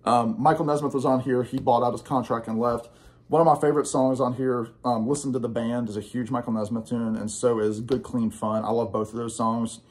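A young man rambles excitedly about the records he picked up, with plenty of ums and restarts. His voice sits at an ordinary middle pitch, and the talk is loose and conversational. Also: fairly quick. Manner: rambling, enthusiastic, many fillers. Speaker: guest record collector. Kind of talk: casual chat about a record haul.

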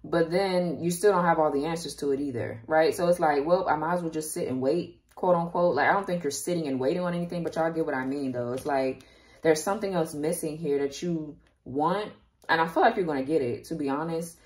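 Low-voiced woman giving a casual tarot reading. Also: a little fast, darkish tone. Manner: chatty, emotional, talks straight to viewers. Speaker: tarot reader.

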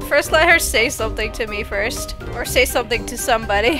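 A woman's voice: a little high, fairly quick, over music. A woman giving playful, teasing commentary while she plays a game, giggling often and reading other players' chat aloud in mocking voices. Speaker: gaming video creator.

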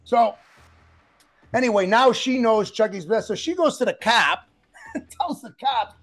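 High, lively-voiced male co-host. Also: a little slow, faint music behind. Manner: jokey, sarcastic, acts out quotes. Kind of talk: casual podcast banter.

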